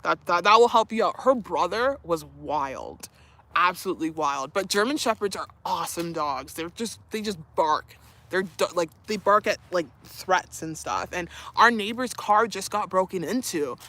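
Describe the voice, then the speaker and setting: A woman's voice: on the low side, expressive, normal speed, a bit bright. A young woman streaming live, chatting casually, reading viewer comments, laughing often and cooing to her dog. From Canada.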